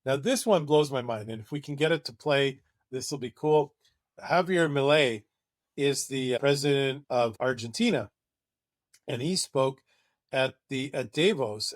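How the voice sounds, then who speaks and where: A man's voice: medium pitch, animated, normal speed, no echo, studio quality. A man presenting a marketing webinar, talking in an enthusiastic, conversational way.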